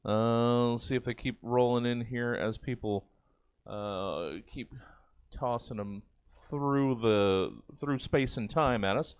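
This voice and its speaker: A man on an improv comedy live stream, reading viewer suggestions aloud with a lively, laughing manner over a video call. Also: mid-range voice, slow pace, clear, resonant tone, no echo.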